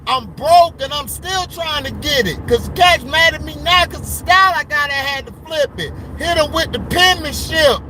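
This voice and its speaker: A man's voice: very high voice, normal speed, hardly any pauses, noisy background. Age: adult. Sex: man. Style: casual ranting vlog. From Florida. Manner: heated, slangy, talks to live viewers. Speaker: vlogger. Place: in his car on the road.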